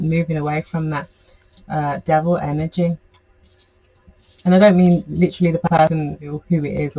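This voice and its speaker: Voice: mid-range voice, a little mellow, rough recording. A tarot reader giving a casual, chatty reading to camera, rambling with many fillers.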